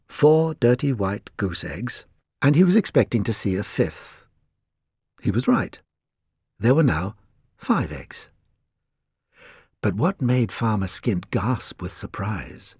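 A male narrator reads a children's story with an expressive delivery. His pitch is animated and his tone is slightly husky, and he is recorded close and dry in a studio. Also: no room sound. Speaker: audiobook narrator. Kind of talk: storybook reading.

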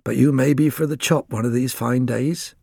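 A down-on-his-luck farmer in a children's storybook, speaking wearily and with resignation, as a male narrator plays him. The voice is a little husky, and the recording is close and dry. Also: mid-range voice, fairly even intonation, normal speed, a little mellow, no room sound. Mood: glum. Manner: weary, resigned. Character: poor, gloomy middle-aged farmer.

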